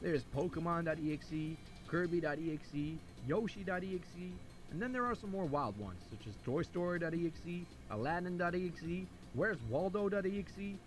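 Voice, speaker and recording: A man narrating an internet history video in a quick, lively, wry way. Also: on the high side, poor audio. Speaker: YouTube narrator. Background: music.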